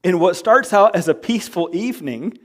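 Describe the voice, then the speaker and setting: A man's voice: sits high, a little fast. A male pastor preaching a sermon in church, joking with the congregation and acting out quoted arguments in his own voice. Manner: animated, jokey, acts out quoted arguments. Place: church sanctuary.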